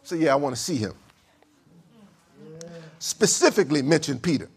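A man preaching a sermon. He speaks emphatically, moving from quiet passages to loud stresses. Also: on the high side, sing-song, normal speed, breathy edge.

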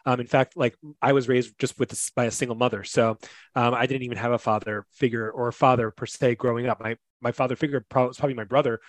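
A man's voice: medium pitch, fairly even intonation, quick pace, dry recording. A man who is a guest on a casual podcast, talking thoughtfully and loosely, with a lot of "like" fillers. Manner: casual, thoughtful, heavy use of "like".

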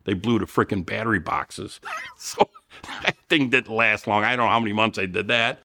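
A man's voice: on the low side, moderate pace, sharp tone, a little hiss or hum. Blunt, profane older man. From Elmhurst, Illinois. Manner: blunt, profane, rambling with restarts. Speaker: guest, Vietnam veteran. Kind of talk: casual storytelling.

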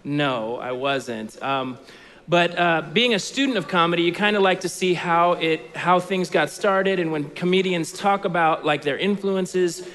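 High-voiced preacher in an echoey hall. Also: male voice, a little slow, fairly bright tone. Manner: conversational storytelling with many fillers. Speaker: pastor. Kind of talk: sermon.

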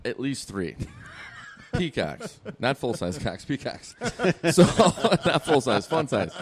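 Animated, swearing man telling stories. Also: medium pitch, takes it slowly, a little hiss or hum. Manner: profane, laughing often while telling stories. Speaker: podcast co-host. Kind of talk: casual storytelling.

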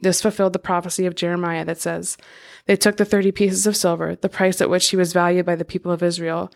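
A woman co-hosting a podcast, reading scripture aloud in a steady, measured way. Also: lowish voice, vocal fry.

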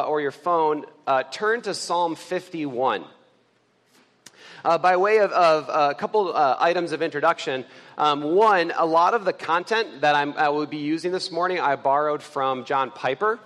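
A man preaching a casual, conversational sermon in a church, earnest and halting, with many fillers and restarts. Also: fairly high pitch, a bit bright. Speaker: pastor and church elder. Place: church sanctuary. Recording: long hall reverb.

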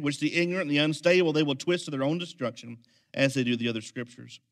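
A man preaching a sermon as pastor, swinging from quiet, intense lines to loud, energetic ones. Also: on the high side, quick pace.

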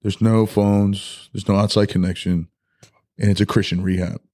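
A man as a podcast guest, telling his life story in a loose, candid way, halting and full of "like" and "dude". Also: on the low side, level tone. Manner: soft-spoken and candid. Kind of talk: personal life story in a casual podcast interview.

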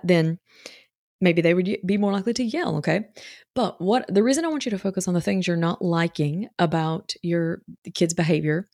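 A woman's voice: lowish voice, gravelly, darkish tone, no room sound, clean studio sound. A woman talking as a parenting coach, chatty and reassuring, with lots of fillers. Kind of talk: casual coaching talk.

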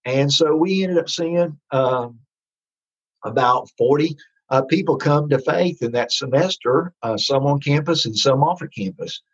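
A man telling his faith testimony in a rambling, halting way, full of restarts. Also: a little high, slightly rough, lo-fi sound. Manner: rambling, with many restarts and fillers. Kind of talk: storytelling testimony.

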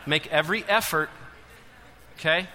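A man preaching a sermon to a large church congregation, swinging between loud urging and hushed intensity. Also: fairly high pitch, moderate pace, a little hiss or hum. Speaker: pastor. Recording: long hall reverb.

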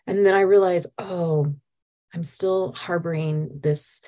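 Guest hypnotist, female, low voice, earnest and enthusiastic. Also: steady tone, slow, warm tone. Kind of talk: casual chat.

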